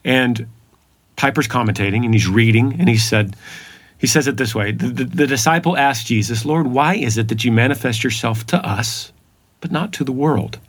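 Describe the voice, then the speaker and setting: Appearing as a podcast guest, a man shares a personal testimony of faith, telling it earnestly and emphatically and repeating phrases. His voice is medium-pitched and slightly rough, at a normal speed.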